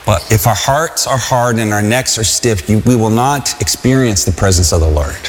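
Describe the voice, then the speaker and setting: A man's voice: lowish voice, moderate pace, a little hiss or hum. A man preaching a sermon, earnest, repeating phrases and asking the congregation to say lines back with him. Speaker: pastor. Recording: long hall reverb.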